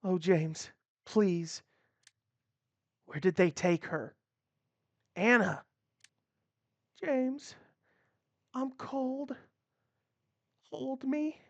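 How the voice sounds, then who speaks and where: A woman's voice: on the low side, very slow, pauses often, no echo, dull audio. A woman voicing a desperate frontier farmer's wife, pleading and anxious.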